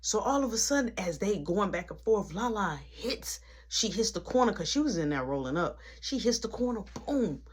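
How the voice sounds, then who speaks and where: Storyteller, slangy, animated, asides, casual storytime, everyday voice. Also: female voice, mid-range voice, moderate pace, few pauses, breathy edge.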